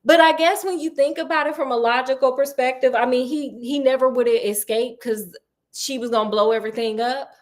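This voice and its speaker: A woman casually recapping a horror novel, animated and playful, acting out characters' lines in quick asides. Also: high voice. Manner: playful and sassy. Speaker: book recap host. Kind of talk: casual book recap storytelling.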